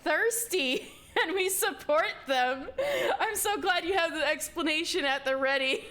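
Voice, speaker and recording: High-voiced giggly woman streamer. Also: a little slow. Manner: giggly, excitable. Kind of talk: live game playthrough, reading text aloud.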